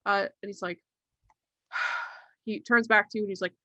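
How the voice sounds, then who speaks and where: Slow, halting woman game master. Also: medium pitch, steady tone, sharp tone, no echo, highs cut off. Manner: halting, full of ums and likes. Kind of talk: narrating a tabletop game.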